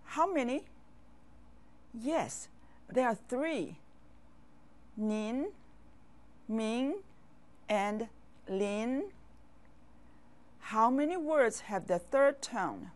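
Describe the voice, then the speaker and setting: Teacher voice: woman, slightly high, slow and deliberate, patient drill style. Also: big pitch swings. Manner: patient, drills words and asks learners to repeat. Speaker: language teacher. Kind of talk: slow, clear classroom instruction.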